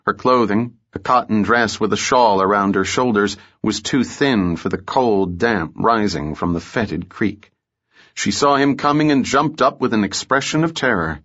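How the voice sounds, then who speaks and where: A man narrating a story in a measured, even way, in a muffled audiobook recording. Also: on the low side. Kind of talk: scripted narration.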